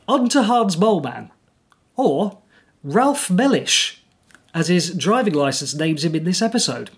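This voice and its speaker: A man's voice: on the high side, big pitch swings, moderate pace, breathy edge. A man co-hosting a podcast, delivering partly scripted commentary in a dry, wry way. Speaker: podcast co-host. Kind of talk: casual chat with scripted segments.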